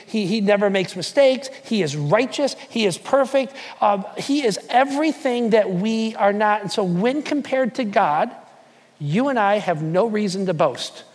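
A man preaching a sermon to a church, emphatic and repetitive, sinking into soft prayer. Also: high voice, in a large hall. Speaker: pastor. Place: church hall.

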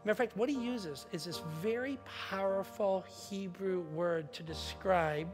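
A man preaching a sermon as a pastor. He builds up to emphatic, forceful peaks and drops to quiet asides, and he often repeats a word when he restarts a sentence. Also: high-pitched, normal speed, music in the background.

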